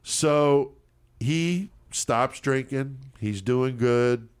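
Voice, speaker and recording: A man, co-hosting a podcast and telling a profane story in a lively way, and he mimics the voices of the people in it. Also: mid-range voice, very slow, smooth. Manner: animated, profane, mimics voices in his stories. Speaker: podcast co-host. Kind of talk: casual storytelling.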